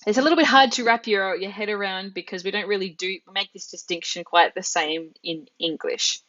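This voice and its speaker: A woman's voice: mid-range voice, brisk, fairly bright tone. Woman teacher running a live online class, mid-range voice, patient and methodical, a bit muffled over a computer mic. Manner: patient, explains step by step with examples. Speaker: Italian teacher. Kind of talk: live online language lesson.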